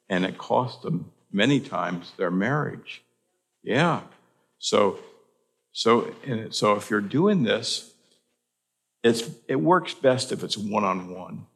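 Older man, pastor. Gravelly, fairly low. Earnest, halting sermon delivery. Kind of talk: sermon storytelling.

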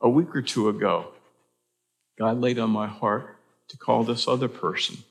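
An older man preaching as a pastor, telling stories in an earnest, halting way with frequent restarts. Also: medium pitch, gravelly. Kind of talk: sermon storytelling.

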